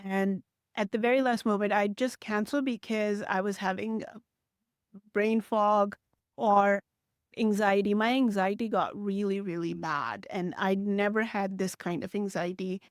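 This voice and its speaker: A woman's voice: mid-range voice, steady tone, measured pace, smooth, no echo, clean studio sound. A middle-aged woman telling her own health story to camera, candid and emotional, acting out past conversations. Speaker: health vlogger.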